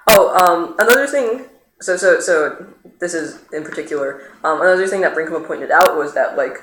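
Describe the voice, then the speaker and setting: A streamer chatting casually over gameplay, rambling with many fillers and sudden jumps in pitch. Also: normal speed, a bit bright. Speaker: streamer playing the game. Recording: roomy echo, faint noise.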